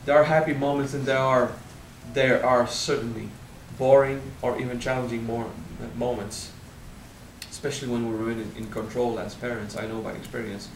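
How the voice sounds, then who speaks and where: A man in his thirties with a French accent, speaking at a spiritual seminar, frank and animated, swearing casually and drawing out key words. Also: mid-range voice, moderate pace, roomy sound, recorded from a distance, a little hiss or hum, low-quality recording. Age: 30s. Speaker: spiritual teacher. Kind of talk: seminar talk.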